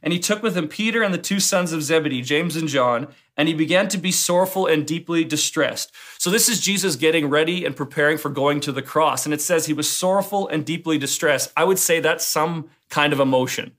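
A man giving an earnest, casual devotional talk, often halting with repeated words and fillers. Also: a little high, a bit bright. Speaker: preacher.

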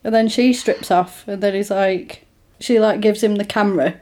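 A woman's voice: medium pitch, fairly even intonation, moderate pace, dark tone. A woman in casual chat, animatedly recapping a film and acting out the characters' lines as she goes.

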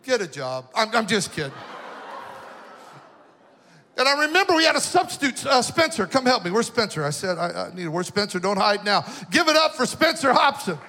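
A man preaching a youth sermon, joking through personal stories and rising into shouted preaching before a live audience. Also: high voice, sing-song, fairly quick, long reverb tail, a little hiss or hum. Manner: jokey storytelling, building to shouted preaching. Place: large hall with an audience.

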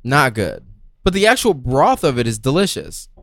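A man's voice: mid-range voice, huge pitch swings, moderate pace, gravelly, fairly bright tone, dry recording, studio quality. A young man in casual chat as a podcast co-host, blunt and playfully complaining.

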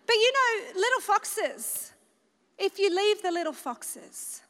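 Very high-voiced woman preacher, earnest, reverberant hall sound. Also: sing-song. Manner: earnest, warm preaching with slowed emphatic readings. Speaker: women's conference speaker. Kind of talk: sermon. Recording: echoey hall with long reverb.

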